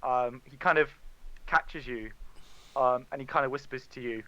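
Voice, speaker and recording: A man's voice: medium pitch, moderate pace, sharp tone, lo-fi sound. A man running a tabletop game as dungeon master, narrating casually with many fillers.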